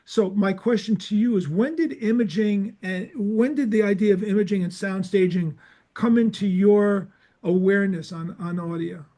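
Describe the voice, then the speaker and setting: An older man hosting a podcast, telling a long story in a casual, animated way and acting out the people in it. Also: high-pitched, moderate pace. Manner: animated anecdotes, acts out dialogue. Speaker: podcast host.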